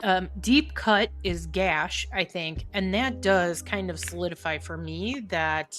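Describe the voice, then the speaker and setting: Slow, musing woman solving a crossword. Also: on the low side, a bit bright, faint music behind. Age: middle-aged. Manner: musing, self-questioning, quick to laugh. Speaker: crossword solver. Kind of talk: thinking aloud while solving a puzzle.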